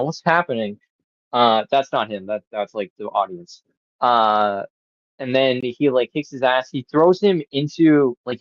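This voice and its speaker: A man's voice: medium pitch, no room sound, lo-fi sound. A man hosting a podcast, reviewing a movie in casual chat, rambling with lots of fillers and swearing. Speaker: podcast host.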